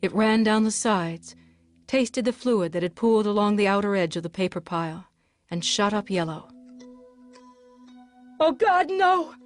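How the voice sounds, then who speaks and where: A woman reading a dramatic novel aloud with steady, measured narration. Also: mid-range voice, soft background music. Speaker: audiobook narrator.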